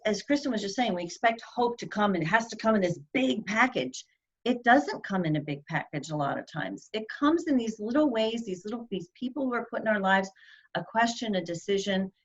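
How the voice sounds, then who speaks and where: Enthusiastic woman host, lo-fi. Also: medium pitch. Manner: enthusiastic, effusive praise. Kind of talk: casual interview chat. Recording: dull lo-fi sound.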